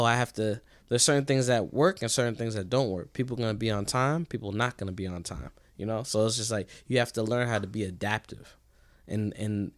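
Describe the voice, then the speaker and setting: A man's voice: fairly low pitch, no room sound. A young man co-hosting a podcast, talking in a laid-back, rambling way and laughing often. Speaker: podcast co-host. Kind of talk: casual chat.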